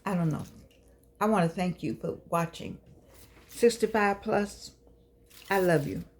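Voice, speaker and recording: A woman's voice: fairly low pitch, measured pace, darkish tone, a little hiss or hum. An older woman hosting her own show, talking to her audience in a fussing, encouraging, preachy way. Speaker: show host. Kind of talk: casual talk to camera.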